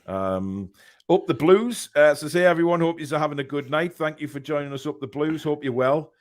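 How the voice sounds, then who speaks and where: A man's voice: a little high, normal speed. Chatty man reading live chat. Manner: rambling, chuckling, lots of ums and uhs. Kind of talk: casual chat.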